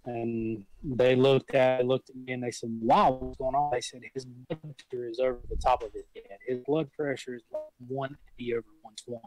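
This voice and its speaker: Folksy young firefighter telling stories. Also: male voice, medium pitch, fairly even intonation, normal speed, hardly any pauses, a little mellow, no room sound, rough recording. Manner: rambling, folksy storytelling with repeated restarts. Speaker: guest, volunteer firefighter. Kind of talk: casual storytelling.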